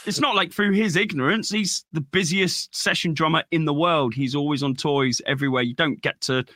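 A man's voice: on the high side, fairly quick, bright, forceful tone, dry recording, studio quality. A man, a guest musician, telling stories in a casual podcast interview, laughing often and swearing casually.

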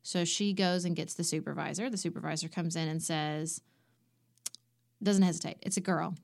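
A woman on a podcast, telling a personal story in a lively way and acting out what others said. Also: on the low side, moderate pace, gravelly. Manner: animated, acts out quoted voices. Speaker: podcast co-host.

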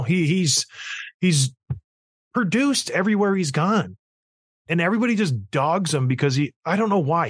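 Animated, ranting man with a bright edge. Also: fairly high pitch, husky, no echo, studio quality. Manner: animated, ranting storyteller who acts out quotes. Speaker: podcast host, former hockey player. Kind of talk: casual hockey chat.

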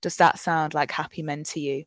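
A woman's voice: deep voice, little pitch movement, normal speed, no echo, studio quality, close to an everyday voice. A woman reading as a weary old neighbour. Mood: bitter, weary. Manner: plain reading, no put-on accent. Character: older Glasgow woman neighbour, bitter, weary. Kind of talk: reading a novel passage aloud.

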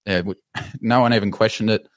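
A man with an Australian accent telling a story on a podcast in a casual, animated way, swearing and laughing as he goes. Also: on the low side, a little fast, no echo. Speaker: podcast co-host.

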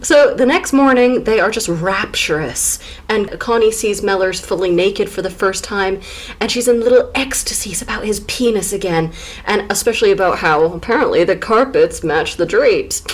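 A woman's voice: mid-range voice, moderate pace. A woman co-hosting a podcast, sarcastically recapping a novel in casual chat and laughing often. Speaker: podcast co-host.

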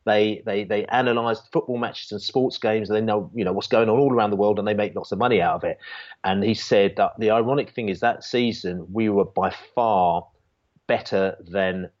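A man's voice: on the low side, a little mellow. A man telling a long football fan story in casual chat, rambling with many restarts and fillers. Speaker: football fan channel guest. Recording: dull lo-fi sound.

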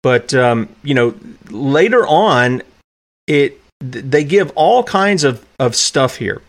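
A man's voice: medium pitch, expressive, takes it slowly. A man hosting a solo commentary show, talking emphatically with restarts and asides, reading passages aloud from documents. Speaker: podcast host.

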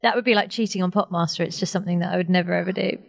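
A woman from Britain co-hosting a chat show, gushing and quick to laugh. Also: on the low side, fairly even intonation, gravelly. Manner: warm, gushing, laughs easily. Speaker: co-host. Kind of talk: casual chat.

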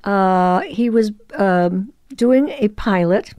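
A woman in her eighties, a guest in a casual interview, telling stories expressively and dropping into soft asides. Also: medium pitch, expressive, slow pace, no echo. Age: 80s.

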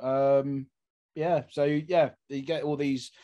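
A man's voice: medium pitch, little pitch movement, takes it slowly, dark tone, no echo, muffled recording. A man co-hosting a history podcast, telling stories loosely and circling back on himself with repeated phrases. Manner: loose, repetitive storytelling with many restarts. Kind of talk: casual conversation.

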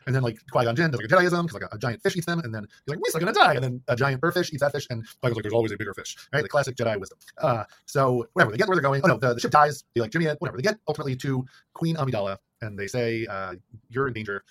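Fast-talking rambling male podcast host. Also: medium pitch, animated, a bit bright. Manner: rambling, filler-heavy, acts out quotes in silly voices. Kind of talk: casual movie recap chat.

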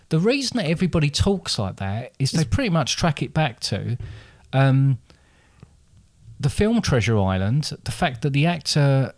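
A man's voice: medium pitch, dry recording. Chatty man, dry close sound. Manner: rambling, self-correcting, chatty. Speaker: podcast host. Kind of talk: casual podcast chat.

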